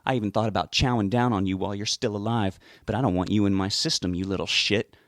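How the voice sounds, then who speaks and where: A man's voice: fairly low pitch, fairly even intonation, fast, dry recording, clean studio sound, close to an everyday voice. A man voicing a taunting Southern-drawl killer. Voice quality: drawling, mocking. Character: towering male serial killer, taunting and sadistic.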